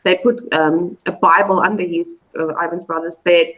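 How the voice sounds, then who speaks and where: A woman's voice: fairly low pitch, steady tone, moderate pace, lo-fi sound. A woman, a guest on a live online show, telling a personal story in a loose, rambling way full of fillers and restarts. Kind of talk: casual storytelling.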